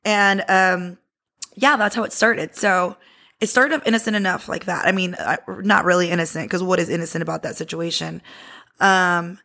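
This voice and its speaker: Blunt, gravelly woman in her thirties. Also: fairly low pitch, fairly even intonation, moderate pace, pushed and bright. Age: 30s. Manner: candid and blunt, swears freely. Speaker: podcast host. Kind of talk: casual storytelling.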